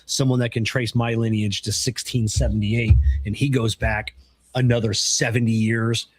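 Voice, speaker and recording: A man co-hosting a podcast, talking in a halting way with many restarts. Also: medium pitch, flat delivery, slight background noise. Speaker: podcast co-host. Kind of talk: casual chat.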